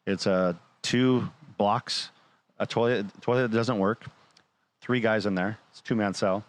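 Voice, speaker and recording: Low-pitched man, casual storyteller, acts out the dialogue, talk-show guest. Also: measured pace. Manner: animated, quotes others in dialogue.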